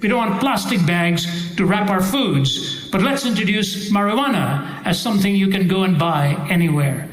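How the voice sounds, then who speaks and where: Emphatic high-voiced preacher in an echoey hall. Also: male voice. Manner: emphatic, rhetorical, shifts between rapid bursts and slow deliberate stresses. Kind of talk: sermon.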